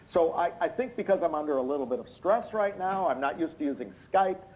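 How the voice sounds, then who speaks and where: A hoarse, tired man giving expert courtroom testimony over a video call, explaining in an unnaturally loud voice with many hesitant fillers. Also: fairly high pitch, expressive, fairly quick, rough recording. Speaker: expert witness. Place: indoors in London at night.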